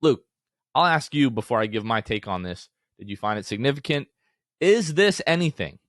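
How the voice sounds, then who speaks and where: A man in his thirties co-hosting a casual sports podcast, telling stories in an excited, animated way. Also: medium pitch, normal speed, dry recording, clean studio sound. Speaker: podcast co-host.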